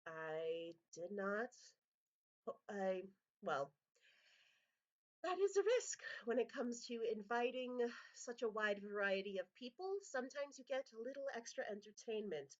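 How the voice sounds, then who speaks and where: A woman voicing a tall, regal woman who hosts a masquerade, speaking politely and warmly with small hesitations, in a tabletop game. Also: mid-range voice, lively intonation, measured pace, highs cut off, natural voice. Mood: gracious.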